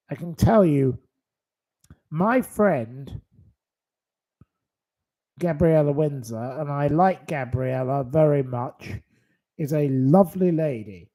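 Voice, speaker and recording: A man with a fairly high, gravelly voice rants at his audience on his own channel. He scolds and hurls insults in a slow, deliberate delivery. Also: dark tone. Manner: indignant, scolding, hurling insults. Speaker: channel host. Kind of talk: angry livestream rant.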